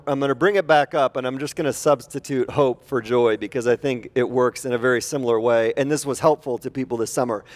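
A man preaching a conversational sermon as a pastor, animated and chatty, putting questions to the congregation. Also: mid-range voice.

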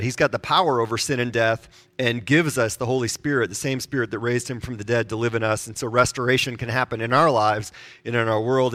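A man's voice: medium pitch, a bit bright, no room sound. A man in his forties preaching a sermon, conversational and self-deprecating, asking the congregation questions. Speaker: pastor.

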